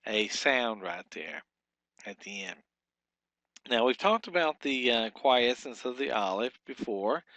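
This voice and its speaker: Guy lecturing, bright clear voice, dry close sound, stops to repeat words slowly. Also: lowish voice, dry recording. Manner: explanatory, repeats words slowly, frequent fillers. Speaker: Hebrew teacher. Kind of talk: recorded classroom lecture.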